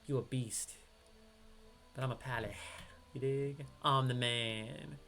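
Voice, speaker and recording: A gravelly, mid-range male voice takes its time as this upstate New York streamer comments live on an online game. Despite the slow delivery, his banter with his teammate is excitable and full of slang.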